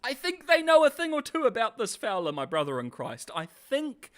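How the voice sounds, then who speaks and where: A man giving casual, sarcastic commentary as a video reviewer, laughing often and animated. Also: very high voice, moderate pace.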